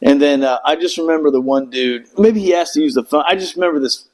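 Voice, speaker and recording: A man's voice: a little high, fast, rough recording. A middle-aged man with a somewhat raised voice tells a rambling story in a loose podcast chat. He swears freely and keeps slipping into impressions of the people in his tale. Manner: profane, rambling storyteller who acts out voices. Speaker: veteran telling war stories.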